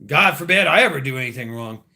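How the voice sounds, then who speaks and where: A man in his thirties hosts a casual livestream and rambles to his viewers. He swears freely and laughs at his own jokes. His pitch moves all over the place, swinging up and down. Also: animated, fast, vocal fry, sharp tone. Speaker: livestream host. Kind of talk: casual livestream chat with chat readers.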